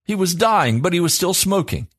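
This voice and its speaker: A man's voice: high-pitched, expressive, moderate pace, a bit bright, breathy edge, no room sound, clean studio sound. A man preaching a sermon as a pastor, in an earnest, emphatic cadence built on repeated phrases.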